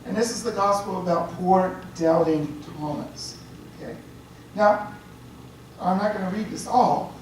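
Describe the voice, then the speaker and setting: A man's voice: high-pitched, unhurried. A priest giving a chatty lecture, often checking in with his listeners. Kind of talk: conversational lecture. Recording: very echoey room, distant mic, faint hiss.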